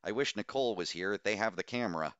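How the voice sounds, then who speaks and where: A jittery young crew member speaks in a nervous, slightly squeaky way, as a man puts the voice on in an audiobook. The tone keeps a forceful edge. The recording is dry and close. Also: animated, fast talker, clear, resonant tone, no echo, lo-fi sound.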